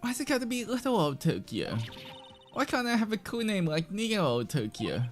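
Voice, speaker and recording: A man voicing an excitable young female sidekick from a video game, whiny and indignant. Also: high-pitched, moderate pace, soft background music, pitched above the performer's own voice.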